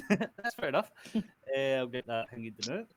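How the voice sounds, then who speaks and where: A man's voice: medium pitch, sing-song, normal speed. A man running a tabletop game as game master, in an easygoing, laid-back way.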